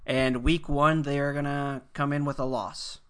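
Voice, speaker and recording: A man co-hosting a casual sports podcast with a bright, smooth voice. He lays out his predictions in a steady, matter-of-fact way. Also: a little high, normal speed. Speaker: podcast co-host.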